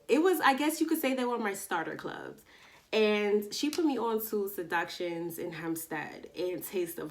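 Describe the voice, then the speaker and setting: A woman tells a casual storytime to her camera, her delivery slangy and animated. She slips into the voices of the people she's quoting as she goes, in a plain middle register. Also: mid-range voice. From Long Island, New York. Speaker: vlogger. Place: indoors at home, daytime.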